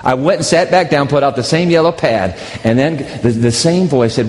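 A man's voice: medium pitch, moderate pace, hardly any pauses, a little mellow. A man preaching, telling a story in a candid, rambling way that restarts often. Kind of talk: sermon storytelling. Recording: long reverb in a large hall.

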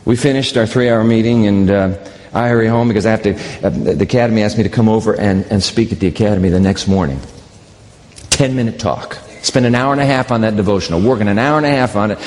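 A man's voice: on the low side, quick pace, a little mellow. A man preaching, telling a story in a candid, rambling way that restarts often. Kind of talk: sermon storytelling. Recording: long reverb in a large hall.

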